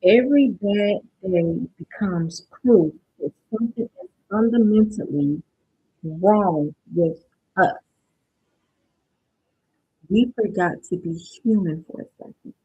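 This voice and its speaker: In a slow, breathy, mid-range voice, this woman leads a motivational workshop via live stream, chatting directly with her audience and often asking "right?" to check they follow. There is no room sound, and the audio is narrow and tinny.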